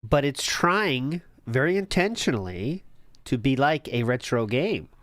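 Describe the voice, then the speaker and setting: A man giving sarcastic, deadpan commentary while reacting to a clip on a stream. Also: mid-range voice, unhurried, faint music behind. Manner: sarcastic, deadpan asides, laughs often.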